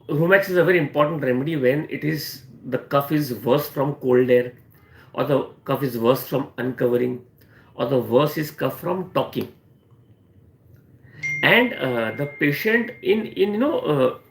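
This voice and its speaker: An Indian man gives a live online lesson on remedies. His slightly high voice carries a gravelly edge, and he often stops on "you know" and says his points twice. The sound is echoey, like a bare room. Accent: Indian English. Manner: repeats key phrases, frequent "you know" fillers. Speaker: homeopathy doctor. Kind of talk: live-stream teaching Q&A.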